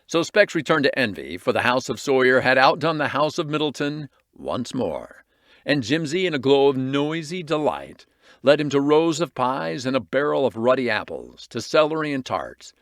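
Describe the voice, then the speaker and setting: Man narrating with a lively voice. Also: medium pitch, normal speed, no room sound, studio quality. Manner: expressive, varied reading. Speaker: audiobook reader. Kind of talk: storybook narration.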